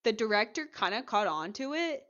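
A woman co-hosting a podcast, chatting casually as she retells a TV episode with lively acted-out quotes. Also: fairly high pitch, normal speed, highs cut off. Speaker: podcast co-host. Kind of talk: casual chat recapping a TV episode.

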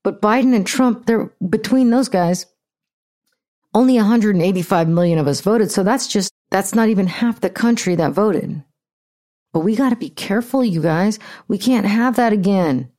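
American podcast host lady ranting, cusses a lot, warm mellow tone. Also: medium pitch, normal speed. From United States. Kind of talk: casual commentary.

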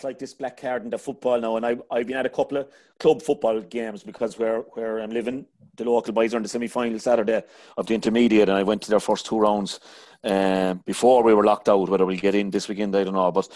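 A man's voice: lowish voice, fairly even intonation, fairly quick, darkish tone. A middle-aged Irish man hosting a casual sports chat, rambling and talking to his panel as lads. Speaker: podcast host.

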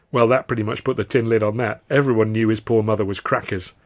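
A man reading his own novel aloud as audiobook narration, with a steady, wry storytelling manner. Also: fairly low pitch, fast talker, hardly any pauses.

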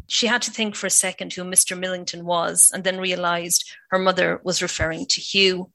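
A woman author reading from her own novel in a measured, steady way. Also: fairly low pitch, creaky, no echo.

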